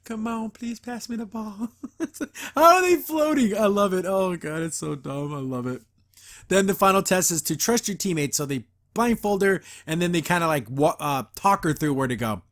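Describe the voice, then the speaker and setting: Man, podcast host, casual rambling review, enthusiastic, laughs a lot, slightly high voice. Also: very animated, normal speed, fairly bright tone.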